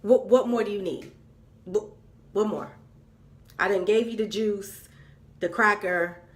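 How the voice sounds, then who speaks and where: A man's voice: high voice, fairly even intonation, a little slow, fairly bright tone. A woman voicing a blunt male pastor who scolds in a folksy, demanding way and repeats himself. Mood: scolding.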